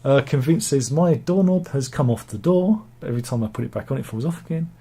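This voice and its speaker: Husky, rambling British man. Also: medium pitch, expressive, fast talker, dark tone. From Britain. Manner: rambling, joking, self-deprecating. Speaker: vlogger reading viewer comments. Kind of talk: casual chat. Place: cold room at home.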